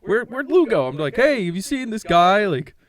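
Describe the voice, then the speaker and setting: Profane, animated podcast co-host man. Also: high-pitched, normal speed. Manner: profane, animated storytelling with acted quotes. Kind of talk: casual storytelling chat.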